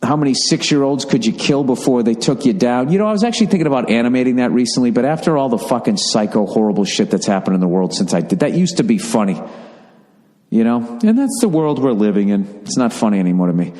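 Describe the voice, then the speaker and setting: A man's voice: mid-range voice, very animated, fast, dark tone, big-room sound. A middle-aged man hosting a podcast, rambling casually and swearing as he reads out listener requests. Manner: rambling, profane, reading listener requests aloud. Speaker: podcast host.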